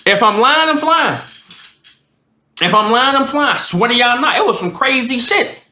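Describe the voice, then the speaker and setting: A man's voice: very high-pitched, expressive, normal speed, sharp tone, roomy sound. A man streamer telling a casual storytime in a slangy, profane way, acting out the people in his story.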